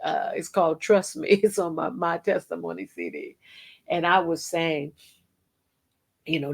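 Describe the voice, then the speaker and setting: A woman's voice: deep voice, very animated, vocal fry, husky. A middle-aged woman hosting a devotional program, teaching earnestly and breaking into bits of song. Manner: slow, earnest, sings snatches of hymns. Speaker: host and Christian singer.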